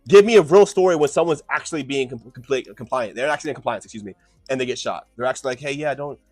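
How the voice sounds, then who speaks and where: A man debating his chat on a live stream, lecturing and combative, swinging from loud outbursts to muttered asides. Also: mid-range voice, breathy edge, no room sound.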